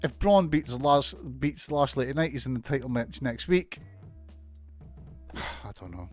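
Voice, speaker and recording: A man's voice: mid-range voice, expressive, a little slow, darkish tone, soft background music. A man giving a casual, sweary, sarcastic recap of a wrestling show, laughing often.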